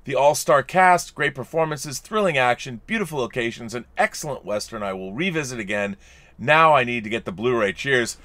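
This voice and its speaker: Animated man reading viewer chats. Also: medium pitch, fairly quick, no echo. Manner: animated, reads chats aloud with playful voices. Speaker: podcast co-host. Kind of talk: casual livestream chat reading viewer messages.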